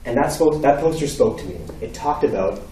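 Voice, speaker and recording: A man's voice: medium pitch, a little fast, a little hiss or hum. Echoey man telling a story on stage. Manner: animated, acts out dialogue. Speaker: speaker. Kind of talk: storytelling keynote talk. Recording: echoey hall from far off.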